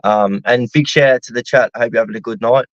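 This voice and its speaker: A man's voice: medium pitch, fast, dry recording, lo-fi sound. A man joining a livestream chat as a guest, friendly and a bit hesitant.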